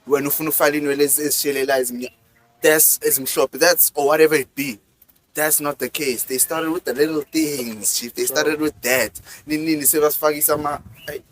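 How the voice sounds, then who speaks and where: A man's voice: a little high, fairly even intonation, fairly quick. A man co-hosting a casual chat, talking with passion, switching between English and Zulu and often checking that he is understood. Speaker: podcast co-host.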